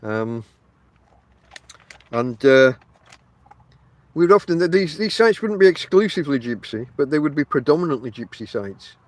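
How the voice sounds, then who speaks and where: A man's voice: a little high, lively intonation, moderate pace, long pauses. A man from Barnsley with a Northern English accent, hosting a casual rambling podcast monologue from a tent and talking straight to his listeners. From Barnsley, South Yorkshire, England. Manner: chatty, addresses listeners directly, many fillers. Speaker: podcast host. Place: inside a tent outdoors.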